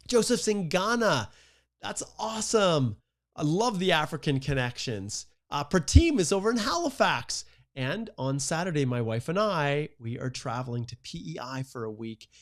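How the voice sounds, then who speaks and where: A man's voice: mid-range voice, big pitch swings, moderate pace. A man around fifty, hosting a live-stream Q&A, greeting viewers in an upbeat, enthusiastic way. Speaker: immigration live-stream host. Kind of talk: live-stream Q&A shout-outs.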